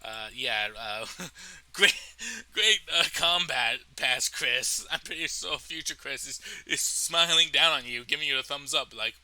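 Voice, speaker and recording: A man telling a story from his life in a casual storytime monologue, animated and profane, laughing at his own tale. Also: mid-range voice, a little slow, dry recording, rough recording. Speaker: storytelling vlogger.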